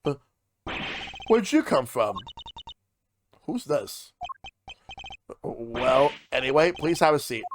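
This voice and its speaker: A man's voice: mid-range voice, sing-song, slow, pauses often, background noise. A man streaming a visual novel game, reading the dialogue aloud and voicing each character, with casual asides.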